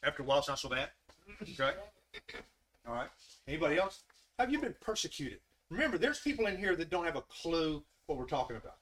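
Man preaching, slightly high bright voice, keeps quizzing the room and repeating himself. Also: sing-song, fast talker, slight background noise. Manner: questioning the listeners directly, repeating phrases. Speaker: preacher leading a Bible study. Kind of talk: interactive sermon.

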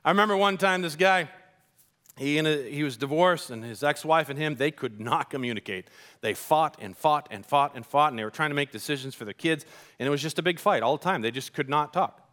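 Bright-voiced pastor telling stories. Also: male voice, on the high side, a little fast. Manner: conversational, animated storytelling with casual slang. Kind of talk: sermon with storytelling.

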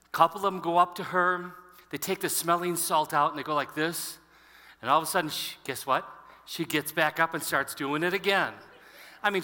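A pastor in his fifties preaching a sermon to his congregation, telling stories and asking the room questions. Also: a little high. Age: 50s. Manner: storytelling, animated, addresses the congregation. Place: large church hall. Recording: long hall reverb.

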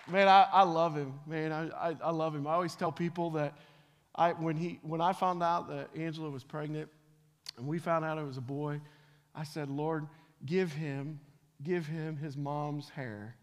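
A middle-aged man preaching a revival sermon to a church crowd, swinging between loud, emphatic calls and hushed, personal talk, often repeating words as he restarts phrases. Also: a little high. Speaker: pastor. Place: large church sanctuary with live audience. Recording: long hall reverb.

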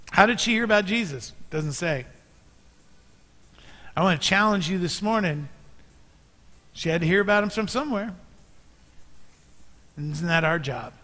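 Earnest preacher in a reverberant church. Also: male voice, high-pitched. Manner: earnest, builds to emphatic peaks then drops soft. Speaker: pastor. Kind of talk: sermon. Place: church sanctuary.

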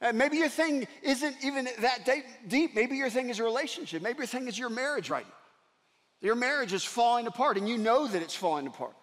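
A man preaching a sermon, telling a personal story in an earnest way that swings from loud to hushed. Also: very high-pitched, animated, a little fast. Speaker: pastor. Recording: long reverb of a large hall.

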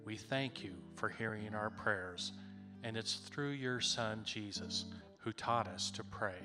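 A man leading a congregation in spoken prayer at a church service, measured and reverent. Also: on the low side. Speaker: prayer leader. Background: soft guitar.

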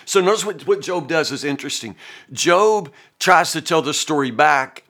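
A man's voice: fairly high pitch, expressive, moderate pace, pushed and bright. A man in his fifties, a pastor, teaching a Bible passage in an earnest, folksy, conversational way and often restarting his sentences.

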